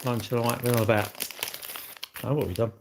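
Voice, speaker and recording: A man's voice: medium pitch, fairly even intonation, fairly quick, noisy background. A man, chatting casually on a livestream from home, rambling and greeting viewers by name as he goes. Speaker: livestream host. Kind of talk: casual live-stream chat.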